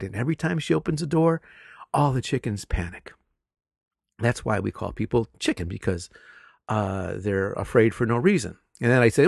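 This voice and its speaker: A middle-aged man, a teacher, telling classroom stories in casual conversation, animated and laughing often. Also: on the low side, a little fast, vocal fry, no room sound, studio quality. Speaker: English teacher.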